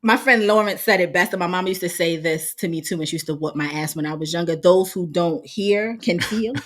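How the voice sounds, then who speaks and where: A woman's voice: lowish voice, fast talker. A woman hosting a casual podcast chat, telling stories expressively and laughing as she talks. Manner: expressive storyteller, laughs while talking. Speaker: podcast host.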